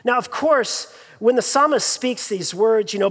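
A man's voice: very high voice, measured pace, a bit bright, breathy edge. A man preaching a sermon as pastor, in a conversational way with fillers and repeated phrases, in a church sanctuary. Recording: long reverb in a large hall.

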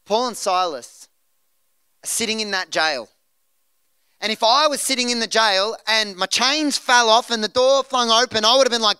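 A male pastor preaching a sermon in church, animated and acting out scenes. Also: high voice, normal speed, clean tone, no echo. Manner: animated, acts out scenes in voices.

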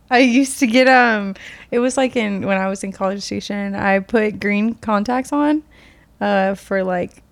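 Casual woman, mid pitch, hesitant and rambling, dry recording. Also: a little slow, no echo. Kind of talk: casual chat.

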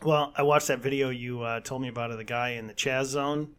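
A man's voice: medium pitch, steady tone, fairly quick, a bit bright. Wry man chiming in casually. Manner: short wry interjections and sarcastic quips. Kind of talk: casual chat.

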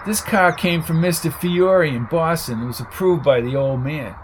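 A brassy, raised voice from a tough guy who barks insults and orders, pitched well above his usual range as a male narrator puts him on. Gritty audiobook storytelling with a faint hiss in the background. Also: normal speed, lightly acted. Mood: taunting. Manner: yelling, insulting. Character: brash loudmouthed tough-guy driver, adult man.

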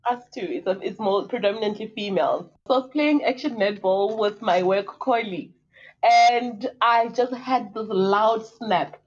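A woman, a guest on a podcast, telling a story in casual chat, animated and laughing often as she acts out what people said. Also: medium pitch, moderate pace, highs cut off.

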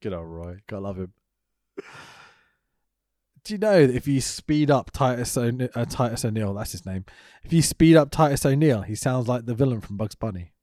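A man's voice: mid-range voice, sing-song, moderate pace, warm tone, dry recording, clean studio sound. A man co-hosting a podcast, recapping wrestling in sweary, sarcastic casual chat and laughing often. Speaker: podcast co-host.

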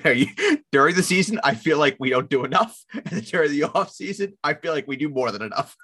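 A man's voice: normal speed, slightly rough. A man co-hosting a sports podcast, talking in a sarcastic, rambling way and swearing freely. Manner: sarcastic, rambling, swears, lively jumps in pitch. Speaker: podcast co-host. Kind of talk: casual sports podcast chat.

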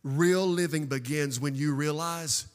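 A man preaching a sermon, swinging from hushed asides to shouted declarations. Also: fairly high pitch, a little slow, slight background noise. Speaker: pastor. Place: church sanctuary. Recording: long reverb of a large hall.

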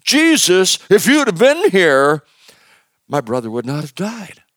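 A man's voice: wildly swooping pitch, measured pace, no echo, clean studio sound, exaggerated voice. A man putting on an exasperated pleading woman. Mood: reproachful. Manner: pleading, high and loud. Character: exasperated woman complaining to Jesus.

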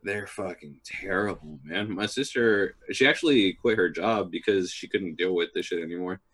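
A man's voice: deep voice, normal speed, fairly bright tone. A man co-hosting a podcast, chatting in a blunt, profane, jokey way. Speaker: podcast co-host. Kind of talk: casual chat.

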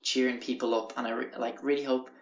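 A man's voice: medium pitch, level tone, fast talker. A young Irish man hosting a podcast, telling a rambling story in casual chat, swearing often and acting out what people said. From Ireland. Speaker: podcast host. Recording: roomy, dull lo-fi recording.

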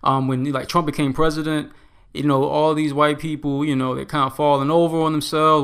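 A man's voice: on the high side, little pitch movement, fairly quick, fairly bright tone, clear, resonant tone. A man interviewing a guest, asking long, rambling questions full of fillers. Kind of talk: casual interview.

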